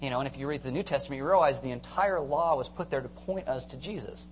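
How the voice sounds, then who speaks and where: Pastor, animated sermon, casual slang, acts out voices, faint hum underneath. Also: medium pitch, quick pace, rough recording.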